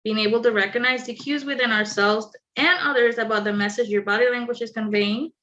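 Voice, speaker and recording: A woman leading an online communication skills workshop, explaining clearly and adding light humorous asides. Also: a little high, fairly even intonation, brisk, fairly bright tone, muffled recording. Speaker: workshop presenter. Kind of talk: online training presentation.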